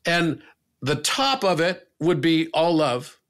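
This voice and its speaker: A man's voice: fairly high pitch, sing-song, slow pace, fairly bright tone. A man talking as a podcast guest, earnest and emphatic, dropping the odd casual swear word. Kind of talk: reflective conversational talk.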